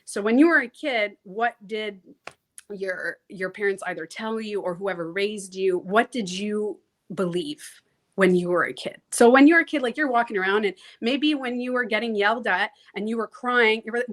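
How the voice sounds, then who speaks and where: A woman coach talking casually in an interview, animated and frank, who swears freely and acts out the voices she quotes. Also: mid-range voice, normal speed. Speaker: transformation coach, guest.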